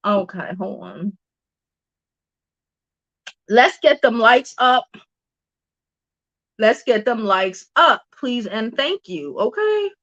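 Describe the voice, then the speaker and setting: A woman's voice: a little high, animated, takes it slowly, long pauses, fairly bright tone, muffled recording. A woman hosting a casual celebrity news livestream, chatty, laughing often and cursing freely.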